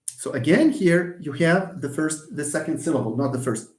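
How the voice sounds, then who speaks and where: A man teaches a live online lesson, stressing and repeating words for emphasis. His voice sits a little high and swings widely in pitch. The sound carries the echo of a room. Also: lively intonation, moderate pace, a little mellow. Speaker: English teacher.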